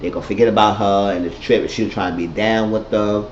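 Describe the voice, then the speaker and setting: A man's voice: lowish voice, fairly even intonation, quick pace, slight background noise. Rambling, profane man recapping a show. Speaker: TV recap vlogger. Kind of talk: casual episode recap. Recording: roomy lo-fi home recording.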